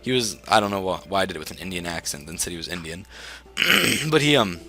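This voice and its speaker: A man's voice: deep voice, animated, fast, sharp tone, soft background music. A teenage boy telling rambling stories while playing a game, laughing often with many ums and restarts. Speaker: gaming video host. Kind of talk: casual storytelling while playing.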